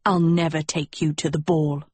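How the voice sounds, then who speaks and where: An angry teenage prince spits curt, scornful lines, voiced by a woman reader. The tone sits a touch lower and husky. The sound is close and dry. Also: fairly even intonation, moderate pace, a little mellow, no room sound. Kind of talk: audiobook character voice.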